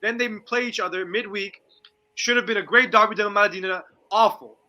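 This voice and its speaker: High, bright-voiced man talking football. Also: a little fast, dull audio. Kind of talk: casual sports chat.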